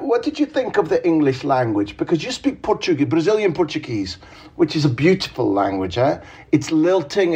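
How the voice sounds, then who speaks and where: A Scottish man hosting an interview in a lively, playful way, often repeating phrases for emphasis. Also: on the high side, breathy edge. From Scotland. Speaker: interviewer, host.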